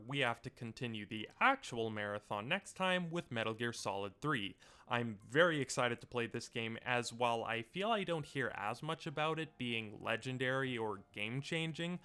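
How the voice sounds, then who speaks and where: A young man hosting his own video essay, reading a scripted voice-over in an earnest, measured, explanatory way into a home mic setup. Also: medium pitch, a bit bright, clean tone.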